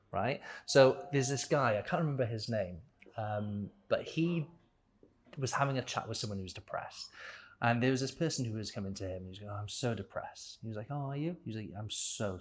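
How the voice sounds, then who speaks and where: A man's voice: lowish voice, a little hiss or hum. A man speaking as a podcast guest in a casual conversation, rambling and thinking aloud, often restarting and correcting himself.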